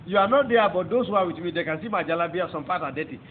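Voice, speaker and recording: Fast, fervent Nigerian preacher, tinny sound. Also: male voice, high voice, expressive. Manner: fervent, emphatic, rising into exclamations. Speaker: preacher giving testimony. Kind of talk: testimony sermon. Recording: tinny phone-like audio with faint noise.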